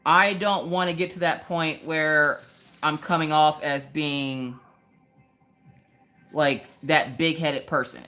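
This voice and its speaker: A young woman with a low voice chats casually while crafting during a livestream from her home. She rants animatedly, now and then bursting into sudden high-pitched exclamations.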